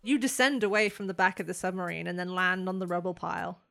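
A woman running a tabletop game, describing scenes and calling for dice rolls. She talks in a loose, chatty way, full of little fillers. Soft music plays faintly behind her. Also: fairly low pitch, fairly even intonation, fast talker, creaky. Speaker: game master.

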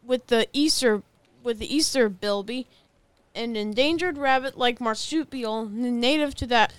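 A woman's voice: a little high, a little slow, clear, resonant tone, dry recording. A woman reading out prepared facts in a comedy bit, giggling and stumbling over her words.

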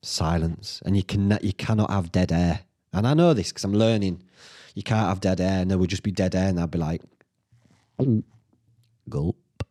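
A man with a Northern English accent, hosting a solo podcast, thinking out loud in a sweary, self-mocking way. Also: low-pitched, fairly quick. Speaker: podcast host. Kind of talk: rambling solo podcast chat.

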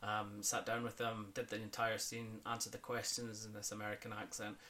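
A man's voice: fairly low pitch, monotone, brisk, pushed and bright. A man from Scotland who works as an accent coach, chatting in a podcast interview, talking loosely with many fillers and restarts and laughing often.

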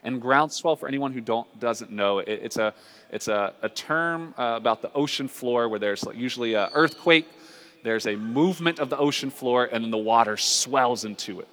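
Man, pastor, middle-pitched voice, earnest sermon delivery, slow dramatic pauses, long reverb of a big hall. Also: fairly bright tone. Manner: earnest, conversational preaching with drawn-out dramatic pauses.

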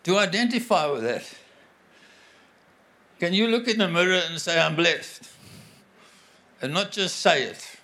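A man preaching a sermon in an earnest, conversational way, often pausing and restarting his sentences. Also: sits high, animated, bright, forceful tone. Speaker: guest preacher.

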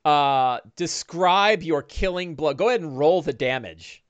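A man's voice: on the high side, moderate pace, no echo, highs cut off. A man running a one-on-one tabletop game as dungeon master, narrating animatedly with many "uh"s. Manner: animated, lots of uh fillers.

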